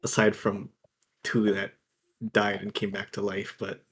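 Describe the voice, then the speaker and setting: A man playing his character in a tabletop game, speaking hesitantly with halting restarts. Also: on the low side, monotone, slightly rough. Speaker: player.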